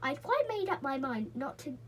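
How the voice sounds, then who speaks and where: A sensible, cautious boy from a storybook, earnest and careful, as a woman reads his part. The voice runs high with lively ups and downs. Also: normal speed, a little hiss or hum, poor audio.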